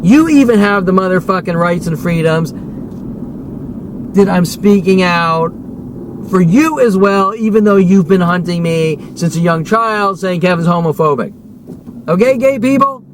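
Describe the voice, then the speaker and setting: A man's voice: high-pitched, expressive, measured pace. A man delivering an agitated, profane, rambling rant as a vlogger, repeating himself and swearing often. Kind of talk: unscripted rant to camera. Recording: noisy recording with vehicle sounds.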